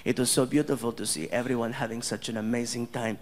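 A stand-up comedian voicing a polite, formal young prince who speaks in a calm, measured way. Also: male voice, mid-range voice, in a large hall, voice pushed down, lightly acted. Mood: gracious.

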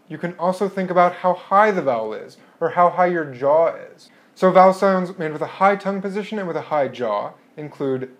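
Give me a man lecturing on vowels, clear and patient, a bit higher-pitched. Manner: clear and explanatory, modeling vowel sounds slowly. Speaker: linguistics lecturer. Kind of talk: recorded lecture.

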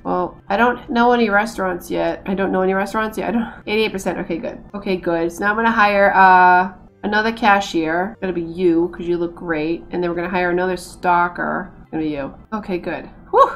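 A woman's voice: lowish voice, steady tone, a little fast, fairly bright tone. An American woman giving casual, self-mocking commentary as she plays a game, laughing often as she talks. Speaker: gaming streamer. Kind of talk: casual let's-play commentary.

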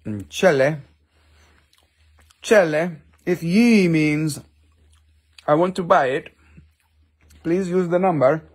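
A man's voice: on the high side, takes it slowly, pauses often, slightly rough. A man hosting a casual live-stream sale of rocks and minerals, chatty and jokey, with offhand swearing.

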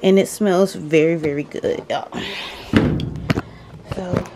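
A woman's voice: lowish voice, steady tone, takes it slowly, heavy background noise. A young woman, chatting casually to her viewers at home, a little out of breath. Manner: chatty, keeps calling the viewers y'all. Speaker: vlogger. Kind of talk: casual vlog chat to viewers.

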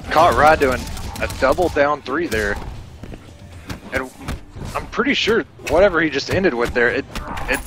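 A man giving play-by-play tournament commentary on a fighting game, analytical and quick to get excited at big moments. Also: fairly high pitch, music in the background. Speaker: esports commentator.

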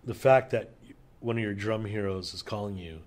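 A middle-aged man talks in a low voice with a relaxed, rambling delivery. He tells his session-drumming stories to an interviewer, loose and enthusiastic. He swears freely and leans on fillers as he goes. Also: normal speed. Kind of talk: casual interview storytelling.

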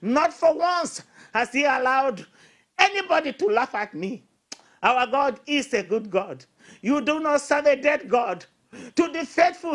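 A middle-aged woman preacher with a high voice delivers a fervent sermon. She stacks short, emphatic declarations one after another and climbs at times into shouting. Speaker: bishop and preacher. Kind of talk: exhortation sermon.

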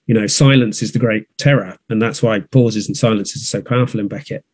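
A theatre producer from the north of England speaks in a low-ish, fairly even voice at a fairly quick pace, recorded dry. In a conversational interview he talks thoughtfully, with many restarts and fillers.

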